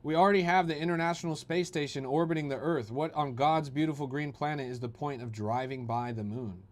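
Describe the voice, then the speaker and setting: A young man hosts a crypto livestream, reading viewer messages aloud and tearing into them with profanity and mockery. His voice sits somewhat high for a man. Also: fairly even intonation, brisk. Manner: profane, mocking, rants at chat. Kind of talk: livestream chat commentary.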